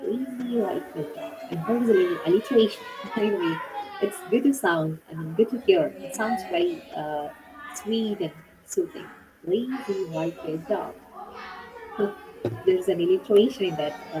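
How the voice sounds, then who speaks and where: A woman's voice: lowish voice, animated, moderate pace, music in the background, poor audio. A woman teaching an English class with an Indian English accent, chatty and encouraging, laughing often.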